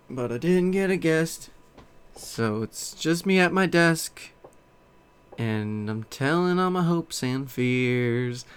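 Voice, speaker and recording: A man hosting his own podcast alone at his desk, talking in a loose, rambling way. His delivery is slow and unhurried, with a smooth, clear voice. He swears casually and pokes fun at himself. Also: fairly high pitch. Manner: rambling and self-deprecating, with frequent swearing. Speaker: podcast host. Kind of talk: casual solo podcast monologue.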